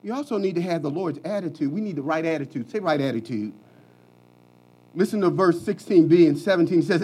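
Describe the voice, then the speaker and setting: A male preacher delivering a lively, folksy sermon, swinging between hushed talk and shouting. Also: sits high, a little fast, slightly rough.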